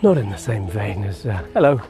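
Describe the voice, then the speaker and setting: A man's voice: on the low side, big pitch swings, fairly quick, vocal fry. Guy out walking the dog, just musing aloud, music playing behind. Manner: musing, thinks aloud with restarts and chuckles. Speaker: podcaster walking his dog. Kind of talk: rambling casual monologue. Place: outdoors on a street walk.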